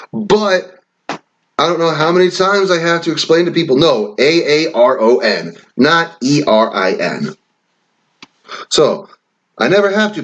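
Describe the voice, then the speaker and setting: This medium-pitched man, a vlogger from Wisconsin, reads online quiz questions aloud and riffs on them in casual, rambling talk with occasional swearing. The sound quality is lo-fi.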